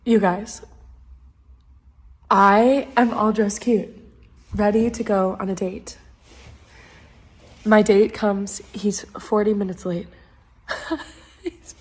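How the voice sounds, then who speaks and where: Slow-talking young woman laughing through tears. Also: medium pitch, level tone, darkish tone, slightly rough. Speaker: storyteller. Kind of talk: casual storytime.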